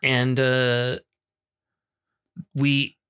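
Animated young man telling a scary story. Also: medium pitch, extremely slow, clear, resonant tone. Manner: animated, swearing, acts out screams and quotes. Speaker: podcast co-host. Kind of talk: casual storytelling chat.

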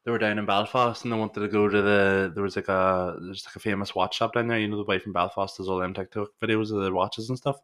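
A man's voice: lowish voice, steady tone, fast, hardly any pauses, a bit bright. A Northern Irish man co-hosting a casual podcast chat, telling rambling anecdotes and swearing freely. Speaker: podcast co-host.

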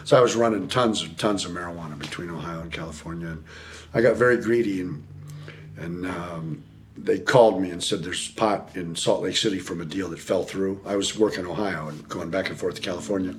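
Deep-voiced and talking a little fast, this middle-aged man from the States is a podcast guest recounting his prison days. There's slight background noise as he curses liberally, performs the quoted voices, and laughs a lot.

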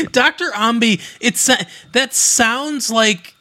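A man's voice: extremely high pitch, expressive, extremely slow, bright, forceful tone. A man co-hosting a casual podcast, reading celebrity news aloud with wry asides and frequent laughs. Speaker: podcast co-host.

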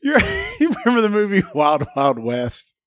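A man's voice: on the high side, big pitch swings, normal speed, a bit bright, no echo, studio quality. A man hosting a casual sports podcast, rambling and laughing often. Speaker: podcast host.

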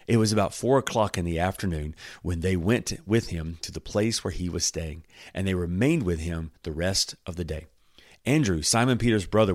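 A man with a very low voice teaches from the Bible in a relaxed, chatty way. He gets excited, jokes, and acts out little scenes as he reads scripture aloud. The sound is close and dry, with no room echo. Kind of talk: casual Bible teaching and reading.

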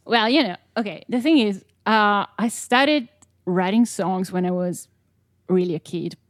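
A woman's voice: mid-range voice, measured pace, no echo, clean studio sound. A woman, a songwriter guest chatting casually, hesitant and giggly. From Italy. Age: 20s. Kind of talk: casual chat.

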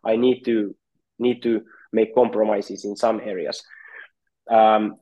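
Man, Finnish native, football goalkeeping coach, halting careful phrasing, mid-pitched voice. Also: muffled recording. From Finland. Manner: thoughtful, repeats words as he searches for phrasing. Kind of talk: podcast interview.

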